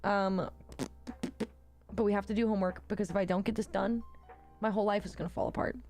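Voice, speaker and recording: A woman hosting a casual livestream, talking bluntly with lots of swearing and quick reactions. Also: mid-range voice, fairly even intonation, darkish tone, soft background music. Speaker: livestream host.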